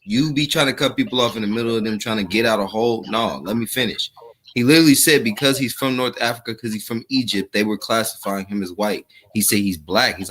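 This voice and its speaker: A man's voice: on the low side, quick pace, fairly bright tone, a little hiss or hum. A man calling in to a debate stream, defensive and casual, swearing and saying "bro" often. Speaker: caller challenging the host. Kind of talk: heated debate.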